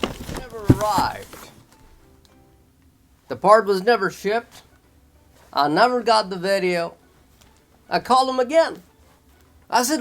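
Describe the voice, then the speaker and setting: A high-pitched man vents to his viewers about a long run of failed phone calls. His voice sits notably high for a man, and he talks in short, clipped, repeated phrases with plain exasperation. Faint music plays underneath. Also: very animated, takes it slowly, pauses often, poor audio. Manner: loose, repetitive storytelling with short clipped phrases. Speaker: vlogger reviewing a product. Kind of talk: complaint story told to camera.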